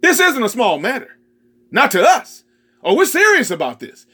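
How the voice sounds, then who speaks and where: A man preaching a sermon, prodding his listeners with repeated questions, stammering repeats and sudden shouted lines. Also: very high-pitched, wildly swooping pitch, normal speed, slightly rough. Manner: rhetorical, prodding the crowd with repeated "huh?"; stammering repetitions, bursts of shouting.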